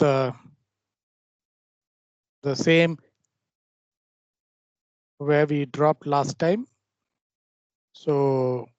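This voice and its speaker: A man with a fairly high voice walks through a trading lesson, stopping and restarting his sentences as he explains. The recording sounds dull and lo-fi, dry with no room around it. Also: a little mellow, dry recording. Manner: halting explanations with frequent restarts. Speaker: trading teacher. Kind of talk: screen-share trading lesson.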